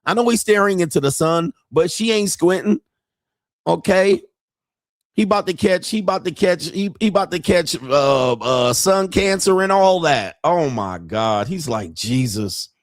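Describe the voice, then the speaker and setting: A man's voice: high voice, animated, normal speed, no echo, studio quality. A man hosting a reaction video, giving brash, crude commentary and mocking the people he watches. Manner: brash, laughing, mock-quoting others.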